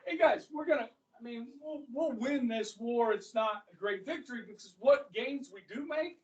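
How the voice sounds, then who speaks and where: A man's voice: very high voice, lively intonation, moderate pace, hardly any pauses, dull audio. Male American history teacher, casual storytelling lecture, recorded at a distance in a roomy classroom. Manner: chatty storytelling with frequent "okay?" check-ins. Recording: echoey classroom from far off.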